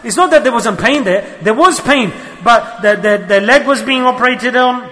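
Male Sufi teacher, high bright voice, earnest sermon, reverberant hall. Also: moderate pace. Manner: earnest, repeats key phrases.

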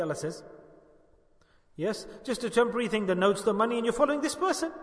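High-voiced preacher in an echoing hall. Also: male voice, lively intonation, fast. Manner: impassioned, acts out quoted voices. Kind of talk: sermon. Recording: echoey hall with long reverb.

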